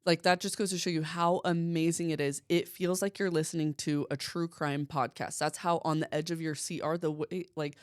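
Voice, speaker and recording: A woman hosting a podcast, chatting casually and gushing with quick asides. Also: deep voice, flat delivery, clean tone, no room sound, clean studio sound. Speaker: podcast host. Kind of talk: casual chat.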